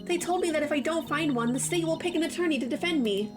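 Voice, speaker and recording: A timid young female spirit medium from a game, as a woman puts her on. She speaks softly and hesitantly, apologizing often, with a high voice. Game music plays clearly in the background. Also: fast talker, natural voice. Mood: pleading. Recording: game music playing behind.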